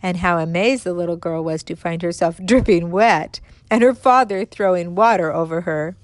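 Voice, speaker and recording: Female storyteller, lowish voice, gentle expressive read, dry close mic. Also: moderate pace, no room sound. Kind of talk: storybook narration.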